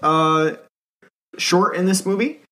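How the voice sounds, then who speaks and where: A man co-hosting a casual film podcast, talking in a hesitant way with many pauses and fillers. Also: sits high, bright, forceful tone. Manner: hesitant, many ums and uhs. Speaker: podcast co-host.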